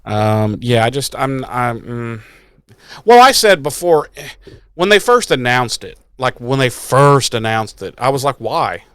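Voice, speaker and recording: Smooth-voiced man ranting sarcastically. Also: mid-range voice, big pitch swings, measured pace, no echo, studio quality. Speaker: podcast co-host. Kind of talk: casual podcast chat.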